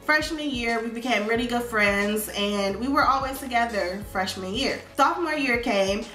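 A young woman vlogger telling a story from school in a casual, animated way with slangy phrasing. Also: fairly high pitch, moderate pace. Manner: animated retelling with slangy talk. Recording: echoey room, faint music.

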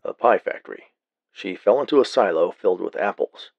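A man voicing a calm male police officer with a flat, matter-of-fact manner. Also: low voice, fairly quick, gravelly, no echo, muffled recording, exaggerated voice. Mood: deadpan.

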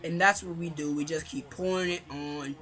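A man's voice: a little high, steady tone, normal speed, bright, forceful tone. A young man giving casual, rambling commentary over a football video game while chewing gum, hyping his team and griping about his kicker. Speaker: gaming commentator.

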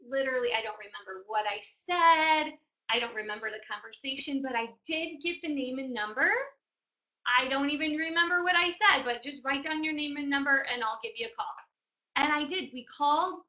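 A woman in her forties gives a motivational business training talk, chatting with her audience and spinning stories. Her voice sits high and sounds bright and forceful. The recording is dull and lo-fi. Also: brisk. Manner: chatty storyteller, addresses audience directly. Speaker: business mentor.

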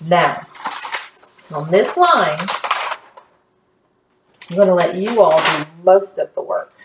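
Slow, patient woman teaching phonics. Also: on the low side, lively intonation, reverberant, noisy background. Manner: slow, patient, encouraging, drawing out words. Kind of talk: phonics lesson for young children.

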